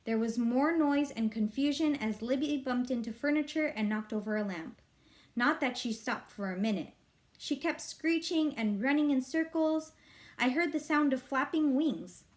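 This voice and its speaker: A woman's voice: high voice, normal speed. Woman reading a children's novel aloud. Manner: expressive, lively narration. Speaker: reader.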